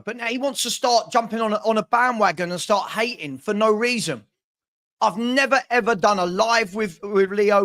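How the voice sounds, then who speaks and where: A man's voice: high voice, fairly bright tone. A man hosting a football channel, venting on a live stream with stammering restarts and repeated phrases. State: frustrated.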